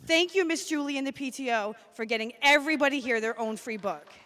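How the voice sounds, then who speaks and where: A woman speaks from a school assembly stage to a room of children. Her voice sits a little high, and she keeps things upbeat and chatty. She calls out names and class groups one after another. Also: fast, a bit bright, slight background noise. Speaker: school staff member presenting at an assembly.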